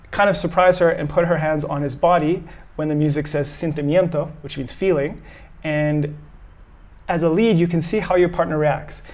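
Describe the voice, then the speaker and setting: A man teaching salsa in a voice-over, explaining clearly and calling out the moves as the dancers hit them. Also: on the high side, a little mellow. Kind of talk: instructional voice-over commentary.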